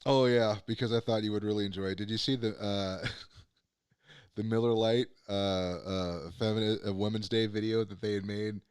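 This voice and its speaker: A man's voice: lowish voice, steady tone, normal speed, a little mellow, clear, resonant tone, no echo, studio quality. A man hosting a casual podcast chat, rambling and swearing, with many fillers. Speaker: podcast host.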